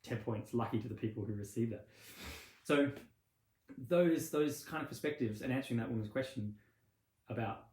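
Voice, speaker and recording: A male meditation teacher talks loosely and conversationally, wandering between points and acting out little imagined exchanges. His voice sits at an ordinary middle pitch. The recording carries a noticeable roomy echo. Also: moderate pace, long pauses, a little mellow. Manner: rambling and conversational, acts out little scenes with laughs. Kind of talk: casual spoken teaching.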